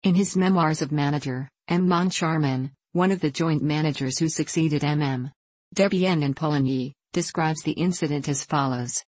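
A woman narrates a classic novel in a steady, measured way. Her voice sits low and even. The recording is dry and close, with no room echo. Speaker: audiobook narrator. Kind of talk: scripted narration.

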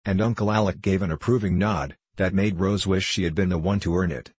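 Low, husky male audiobook narrator. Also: a little fast, darkish tone, dry recording. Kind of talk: scripted narration of a classic novel.

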